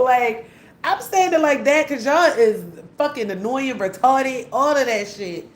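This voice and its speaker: A woman's voice: on the high side, animated, measured pace. A young woman, delivering a heated, blunt, profanity-laced rant as a vlogger. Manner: heated, blunt, repetitive, swearing often. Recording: echoey room with faint hum.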